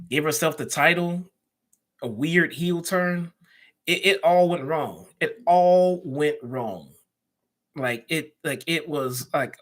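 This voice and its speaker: Male live-stream host, Chicago accent, casual chatter, average pitch. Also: pushed and bright, slightly rough. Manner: chatty, reads out viewer comments and answers them.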